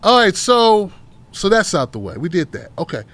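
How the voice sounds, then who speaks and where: A man's voice: high voice, big pitch swings, moderate pace, fairly bright tone. A man from Tennessee with a Southern accent, hosting a political talk show in a blunt, profane, mocking style. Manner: fired up, rants with rhetorical questions. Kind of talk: casual livestream commentary.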